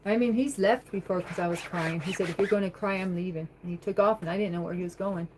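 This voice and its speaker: A woman's voice: lowish voice, fairly even intonation, quick pace, slight background noise, rough recording. A woman chatting on a livestream from her home, reading viewer comments aloud and answering them in a rambling way. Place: home, at the kitchen sink.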